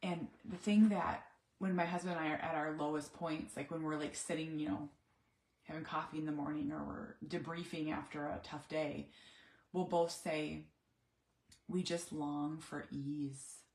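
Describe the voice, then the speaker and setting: A woman's voice: low-pitched, level tone, moderate pace, darkish tone, reverberant. A middle-aged woman, a mother of an autistic son, talking candidly in a personal vlog, reflective and searching for words with many restarts.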